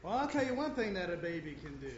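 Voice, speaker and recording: A man speaking with enthusiasm, halting as he searches for words. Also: high-pitched, big pitch swings. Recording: roomy lo-fi sound with background noise.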